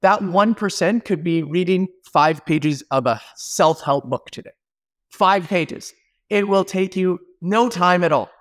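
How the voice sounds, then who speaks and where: A man with a notably high speaking voice for a man, talking as an interview guest. He delivers motivational advice with energy and emphasis, punching his points with short exclamations. His voice sits well above the usual male range. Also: measured pace. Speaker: podcast guest, business leader and speaker.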